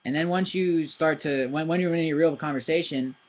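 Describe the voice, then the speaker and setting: A man who speaks English natively, teaching Thai pronunciation in a casual video lesson, talking in an animated, chatty way and slowly spelling out syllables. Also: a little high. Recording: slightly dull lo-fi recording.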